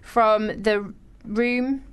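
A woman's voice: medium pitch, fairly even intonation, very slow, a little hiss or hum. A woman co-hosting a casual chat show, talking in a rambling way with lots of fillers. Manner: chatty, rambling, many fillers. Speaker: podcast co-host.

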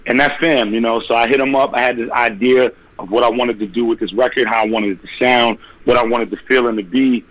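Man, musician guest, casual slang, relaxed and enthusiastic, dry close mic. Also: mid-range voice, brisk, hardly any pauses, no room sound, rough recording. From United States. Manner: laid-back, enthusiastic, repeats himself with slang. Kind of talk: casual interview chat.

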